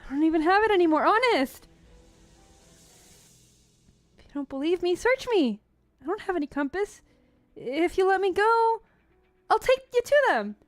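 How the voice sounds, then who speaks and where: A woman's voice: very high voice, big pitch swings, brisk, no echo, faint music behind, voice pushed up. A woman voicing a panicked young woman thief who begs frantically for mercy. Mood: pleading. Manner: pleading, frantic.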